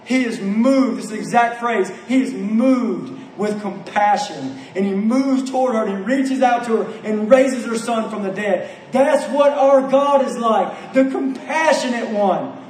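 A male preacher delivers an impassioned sermon, firing off rhetorical questions and driving points home through repetition. His voice sits strikingly high. The recording is roomy and echoey, as if picked up from across a church hall. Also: measured pace, few pauses, a little mellow, far from the mic, slight background noise. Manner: passionate, rhetorical questions, repeats phrases.

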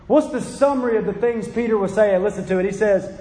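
A man's voice: very high-pitched, quick pace, mellow. A man preaching a sermon with passion, pleading with listeners and acting out quotes. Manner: impassioned, pleading, acts out quotes. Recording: echoey hall.

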